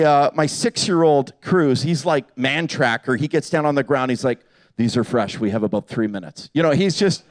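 Animated high-voiced man telling stories. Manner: animated, jokey, acts out quotes with voices. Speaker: pastor. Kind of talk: humorous sermon storytelling. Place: hall with live audience.

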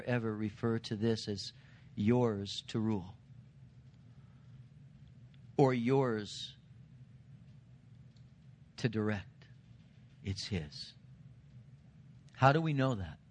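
A middle-aged senior pastor preaching a sermon, earnest, building to emphatic points and dropping quiet for stress. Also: male voice. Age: 40s or older. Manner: earnest preaching, rising to emphatic lines then dropping low.

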